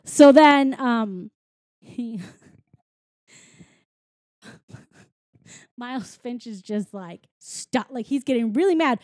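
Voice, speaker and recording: A chatty woman with a fairly high voice recaps a film in loose, rambling talk. The sound is dry and close, with no room around her. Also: expressive, extremely slow, long pauses, a little mellow, no echo. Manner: chatty, lots of filler and quoted voices. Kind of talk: casual chat, retelling a film plot.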